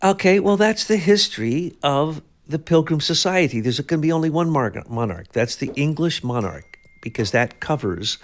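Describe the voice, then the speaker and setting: A man talks with emphasis on a political chat show, stacking claim after claim. His voice sits at a middle pitch, and he stumbles and restarts often. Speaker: co-host. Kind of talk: casual political talk.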